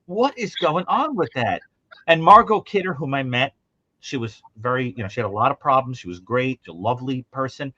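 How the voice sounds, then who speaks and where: A man's voice: fairly quick, dry recording, lo-fi sound. A man co-hosting a call-in show, chatting casually and telling stories with lots of acted-out quotes. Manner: animated storyteller, acts out quotes in high mimicking voices. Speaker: co-host. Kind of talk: casual call-in show chat about horror films.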